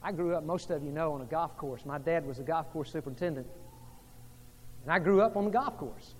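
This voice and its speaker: A man preaching a sermon as pastor, moving between hushed, intimate passages and emphatic, rising delivery. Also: a little high, fairly quick, big-room sound.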